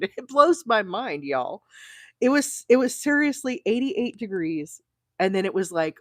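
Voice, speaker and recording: A woman's voice: on the high side, big pitch swings, normal speed, darkish tone, no echo, studio quality. A middle-aged woman from the American South chatting casually with viewers while crocheting, laughing often and greeting people by name. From South Alabama. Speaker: crochet livestream host.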